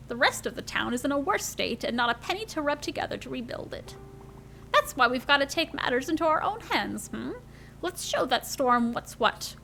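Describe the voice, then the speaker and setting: A woman's voice: high voice, gravelly, fairly bright tone, pitched above the performer's own voice, full character voice. A woman voicing a fussing old grandmother in a cozy game, with a doting, sing-song delivery.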